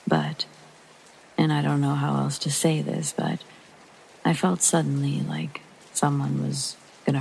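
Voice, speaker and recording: A deeply gravelly, fry-laden voice reads a true horror story for sleep, slow and hushed, sometimes sinking to a near-whisper. Its pitch sits in a middling range. Faint rain patters underneath. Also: a little hiss or hum, rough recording. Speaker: narrator. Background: soft rain.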